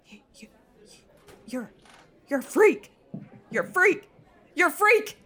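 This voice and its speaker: Woman doing a yelling teen bully boy. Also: sits high, lively intonation, a little slow. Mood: frightened. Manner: sneering, yelling threats. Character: brutish teenage boy school bully.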